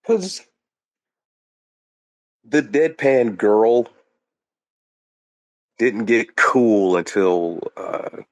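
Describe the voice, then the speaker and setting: A man's voice: lowish voice, animated, drawn-out words, long pauses, no room sound. A man co-hosting a casual movie commentary, laid-back and profane in his banter. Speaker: podcast co-host.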